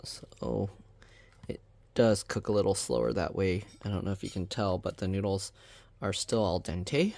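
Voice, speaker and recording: A man casually reviewing a food product on his vlog, reading the label aloud in a plain, even way with chatty asides. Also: deep voice, normal speed, vocal fry, dry recording.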